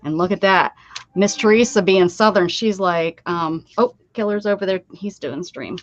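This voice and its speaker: A woman's voice: medium pitch, moderate pace. Chatty woman hosting a craft stream. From Pennsylvania. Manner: chatty, rambling, laughs often. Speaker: craft livestream host. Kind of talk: casual chat while crafting. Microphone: desk setup with downward-pointed camera. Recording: slightly dull dry sound.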